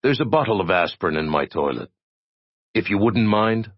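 A man's voice: fairly low pitch, animated, normal speed, slightly rough, no room sound, muffled recording, pitched above the performer's own voice. A man voicing a refined, calculating joker leader who speaks formally and wearily. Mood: polite. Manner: formal, weary, polite.

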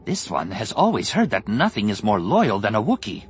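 Man reading a raspy formal warrior, low voice, audiobook, music underneath. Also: huge pitch swings, moderate pace, full character voice. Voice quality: rasping. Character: reptilian male warrior, dry and formal. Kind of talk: audiobook character voice.

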